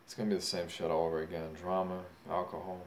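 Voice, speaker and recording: A man's voice: low-pitched, flat delivery, fast. A young man, boasting and rambling in a profane, drunken monologue. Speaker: self-styled boxing champion vlogger. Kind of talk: casual monologue. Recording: faint background noise.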